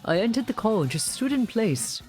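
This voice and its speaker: A man's voice: high-pitched, sing-song, fairly quick, darkish tone, faint music behind, pitched above the performer's own voice. A man voicing a young male main character with a put-on vaguely British accent, narrating a visual novel in the first person.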